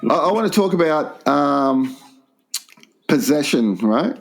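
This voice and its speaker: A man co-hosting a crude comedy podcast, retelling an odd story in a dry manner and cracking quick jokes. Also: a little high, very animated, vocal fry, over music, poor audio. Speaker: podcast co-host.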